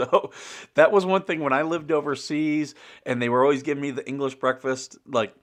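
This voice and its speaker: A man's voice: mid-range voice, normal speed. A middle-aged man from the US, hosting a casual morning livestream, rambling with fillers and frequent chuckles. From United States. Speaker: show host.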